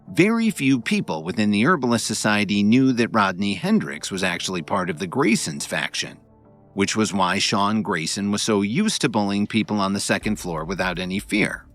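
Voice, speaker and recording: Low-voiced man narrating an audiobook. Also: fairly bright tone. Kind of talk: audiobook narration of a web novel.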